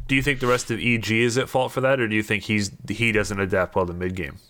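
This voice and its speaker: A man's voice: fairly low pitch, steady tone, fast talker, sharp tone. A man co-hosting an esports podcast who leads the segment and teases his co-hosts in casual chat. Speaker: podcast co-host.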